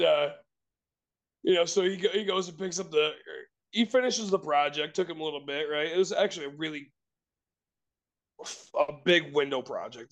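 A man with a high, light voice tells a story in loose, rambling fashion. He restarts sentences, swears casually and talks like he's among friends on a casual podcast. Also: vocal fry. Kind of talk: casual chat.

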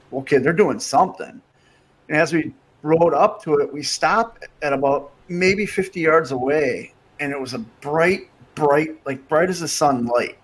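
A man telling a story in casual podcast chat, acting out what people said along the way. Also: fairly high pitch. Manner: animated storyteller acting out quotes. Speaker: podcast guest.

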